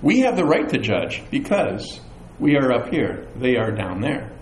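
A middle-aged man preaching a sermon as pastor, animated, with chatty asides and self-deprecating humor. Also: mid-range voice, a little slow, slight background noise. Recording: echoey room with faint ambience.

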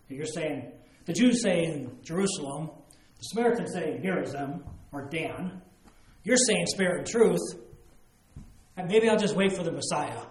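A man's voice: a little high, expressive, measured pace, a little mellow. Man, pastor, expository sermon, emphatic asides, echoey room. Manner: expository preaching with acted-out quotes and emphatic asides.

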